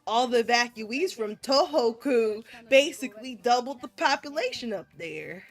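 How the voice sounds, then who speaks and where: A woman's voice: fairly high pitch, expressive, moderate pace, soft background music. Field: a woman putting on a chatty motherly cafeteria lady. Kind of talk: visual novel read aloud with voices.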